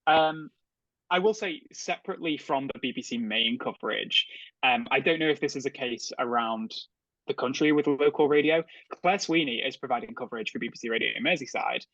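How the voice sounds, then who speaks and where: Liverpool man, casual panel chat, bright tense tone, halting restarts, muffled dry recording. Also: mid-range voice, no echo. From England. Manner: hesitant, many restarts. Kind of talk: casual discussion.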